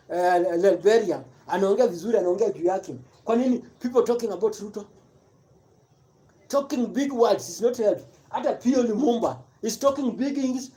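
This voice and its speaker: Fired-up commentator, mellow voice. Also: mid-range voice. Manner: repetitive, emphatic, rhetorical questions. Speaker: live-stream commentator. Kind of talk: impassioned political rant mixing Swahili and English.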